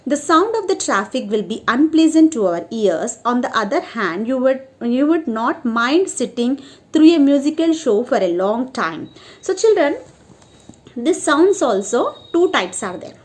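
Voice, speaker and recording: Woman, high voice, sing-song primary-school teacher on an online class. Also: big pitch swings, measured pace. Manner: sing-song, keeps asking "isn't it, children?". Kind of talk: online class lesson for children.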